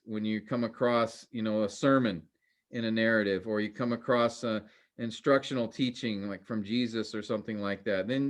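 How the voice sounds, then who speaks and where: This is an informal lesson from a man with a mid-range voice. He speaks in a relaxed, chatty manner that's heavy on fillers and restarts, and he sounds earnest and cautionary.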